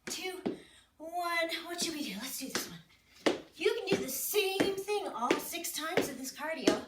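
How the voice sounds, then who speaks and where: High-voiced woman leading a workout. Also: animated, unhurried. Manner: chatty, self-mocking, counts down and cues moves. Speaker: fitness instructor. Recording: echoey room, mic at a distance, noisy.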